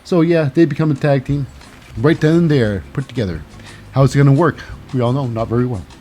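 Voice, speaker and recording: A man hosting a casual wrestling recap, rambling and halting with lots of fillers, wry and cynical. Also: medium pitch, dark tone, soft background music. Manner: rambling, halting, full of uh and what's that. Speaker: host.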